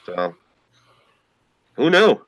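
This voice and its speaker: A man's voice: mid-range voice, sing-song, extremely slow, a bit bright, no room sound, poor audio. A man with a New York accent in casual podcast chat, rambling and emphatic, swearing freely and using "like" a lot. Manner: rambling, emphatic, profane, heavy use of "like".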